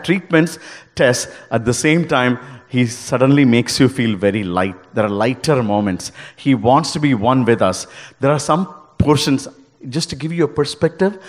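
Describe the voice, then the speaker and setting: A man giving a devotional talk to a gathering, speaking earnestly in halting phrases with frequent restarts. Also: medium pitch, big-room sound. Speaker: devotional speaker leading group singing.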